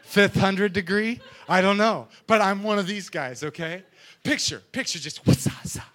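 A young adult man preaching as a youth pastor, telling stories in a lively, animated way. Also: high-pitched, moderate pace, slight background noise. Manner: animated storytelling with sound effects and acted voices.

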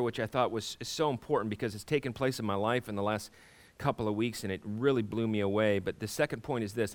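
A middle-aged man preaching a sermon to his congregation, talking in a conversational way with halting restarts and many rhetorical questions. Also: on the low side. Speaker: pastor.

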